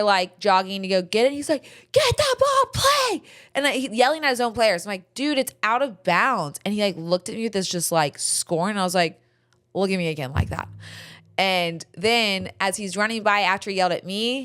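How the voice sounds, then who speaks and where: Frank, animated woman podcast host. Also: mid-range voice, brisk, hardly any pauses, clear, resonant tone. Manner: animated, frank storytelling with swearing. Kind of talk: casual podcast chat.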